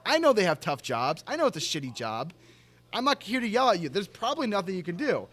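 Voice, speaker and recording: A man's voice: sits high, fast. Exasperated young man telling a story. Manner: animated, exasperated, swears freely. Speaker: podcast co-host. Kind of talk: casual storytelling chat.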